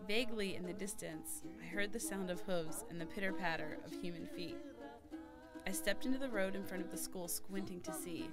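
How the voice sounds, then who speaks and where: A young woman narrating a personal story in an earnest, scripted way. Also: on the low side. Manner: earnest storytelling, shouting the quoted cries. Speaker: former volunteer telling a story. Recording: narration over loud music.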